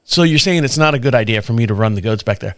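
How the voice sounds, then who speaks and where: A man voicing his rural male neighbor, who sounds slow, puzzled and a bit tipsy, asking the same questions over and over. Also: mid-range voice, expressive, a bit bright, dry recording, voice pushed down, lightly acted.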